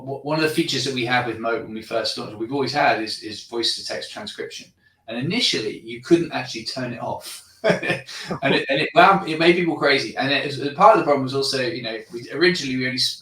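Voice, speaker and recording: A man's voice: medium pitch, sharp tone. A man hosting a conference session, talking casually and enthusiastically with many restarts. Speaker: host. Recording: roomy sound from far off the mic.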